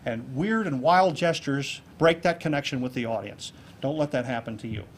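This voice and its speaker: A man giving a keynote speech to a club audience on presentation skills, lively and jokey, acting out examples. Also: mid-range voice, normal speed, slight background noise. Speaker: keynote speaker. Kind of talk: public speaking talk on presentation skills. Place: club meeting room with an audience.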